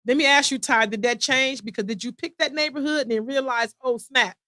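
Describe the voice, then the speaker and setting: A woman with a high, bright-sitting voice chats and laughs easily through morning-show banter. She reads listener comments aloud in a relaxed way. Her voice is close and dry, with no room sound. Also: a little fast, no echo. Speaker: radio co-host.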